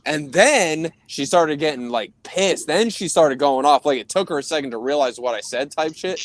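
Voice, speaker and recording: A man's voice: fairly high pitch, animated, normal speed, no echo. A young man co-hosting a podcast, telling a rambling, profane story in casual chat and laughing often. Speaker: podcast co-host.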